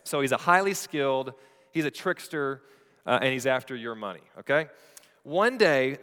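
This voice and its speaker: A man preaches to his congregation in a clear, resonant voice that sits a little high. He tells the story playfully and turns to the listeners with quick asides. His voice rings out through the long reverb of the church hall. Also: sharp tone. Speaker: pastor. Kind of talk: sermon. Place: church sanctuary.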